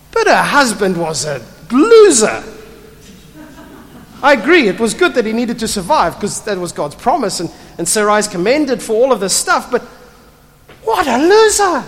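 A pastor delivering a sermon with a lively, swooping delivery that rises and falls, chatty and blunt, often tossing rhetorical questions to the room. The voice carries through a large church hall with a long, lingering reverb. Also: sits high. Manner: animated, conversational, asks rhetorical questions; blunt and emphatic.

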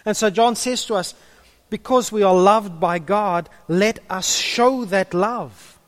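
A man's voice: sits high, slow. A man preaching a sermon in a conversational way, with humorous asides and a few stumbles.

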